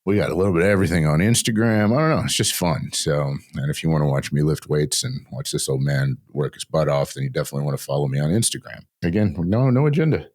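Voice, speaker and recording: A middle-aged man hosting a casual podcast, joking and rambling on without pausing for breath. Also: a bass voice, a little mellow. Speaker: podcast host.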